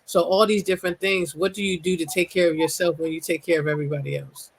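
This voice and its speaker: A woman's voice: lowish voice, steady tone, fast, vocal fry, slight background noise, poor audio. Woman host asking searching questions. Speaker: podcast host. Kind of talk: casual interview chat.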